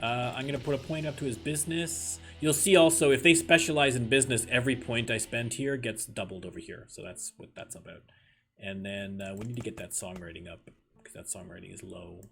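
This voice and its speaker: A Canadian man with a Canadian accent chats through a let's play at an average pitch. He rambles and drifts onto tangents as he plays. Game music is clearly audible behind his voice. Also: fairly even intonation, a little fast, a bit bright. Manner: chatty, wanders off on tangents. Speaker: gaming streamer.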